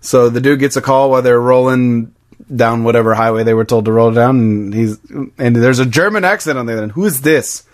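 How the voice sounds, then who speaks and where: A man's voice: medium pitch, fairly quick. A man co-hosting a casual podcast, recapping film scenes and mimicking the characters' lines. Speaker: podcast co-host.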